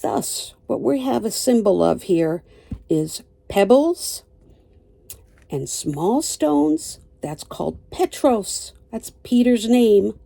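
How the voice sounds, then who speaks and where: Slow, gravelly older woman teaching scripture. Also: mid-range voice, big pitch swings, dark tone, dry recording. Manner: slow and deliberate, citing verses. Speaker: Bible teacher. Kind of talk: scripture lesson reading.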